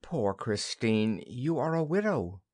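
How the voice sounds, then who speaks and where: A man's voice: medium pitch, sing-song, unhurried. A man voicing a cheerful, chattering young wife in an audiobook play reading. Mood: gentle.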